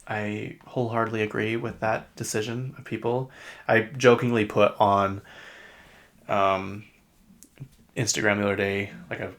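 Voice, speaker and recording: In his podcast, this Utah-accented host meanders chattily through pop-culture topics, leaning on frequent fillers. His voice is lowish, creaky, and a bit bright.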